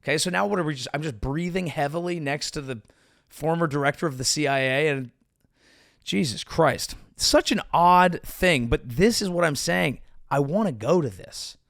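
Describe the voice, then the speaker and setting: A male comedian hosting his show, riffing sarcastically in a rambling, animated way with sudden pitch jumps. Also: moderate pace, gravelly, no echo, studio quality. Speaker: comedian podcast host. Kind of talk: casual comedic commentary.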